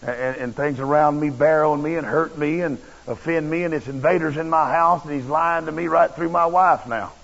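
A man's voice: fairly high pitch, steady tone, normal speed, creaky, hardly any pauses, a bit bright. A man preaching a sermon, telling a personal story in a folksy, blunt and emphatic way. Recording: dull lo-fi recording.

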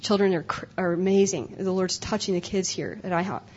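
A woman's voice: on the low side, a little fast, a little mellow, slight background noise. A young adult woman speaking at a conference breakout session, earnest and emotional, often repeating herself. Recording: dull lo-fi live recording.

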